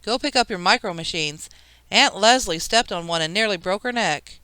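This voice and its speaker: A woman's voice: medium pitch, animated, moderate pace, pushed and bright, clean tone, dry recording, low-quality recording. A woman reading an audiobook, voicing a stern father scolding his son.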